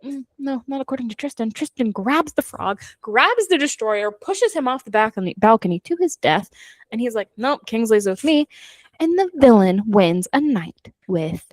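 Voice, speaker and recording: A young woman co-hosting a book club podcast recaps a novel in casual chat, voicing the characters' lines and cursing freely. Her fairly high voice swings widely in pitch at a normal speed, and the recording is dry.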